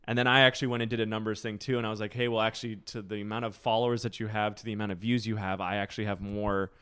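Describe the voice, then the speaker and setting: A young man with a fairly low voice chats loosely as a podcast guest. He tells long, meandering stories and breaks into laughter often. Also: little pitch movement, racing, a bit bright, clear, resonant tone. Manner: rambling storyteller, laughs often. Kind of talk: casual podcast chat.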